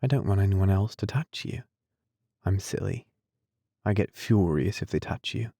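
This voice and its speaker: A man voicing a tender, devoted young nurse in an audiobook, soft and coaxing. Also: sits low, expressive, moderate pace, vocal fry, breathy edge, dry recording, clean studio sound, exaggerated voice. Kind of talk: audiobook character reading.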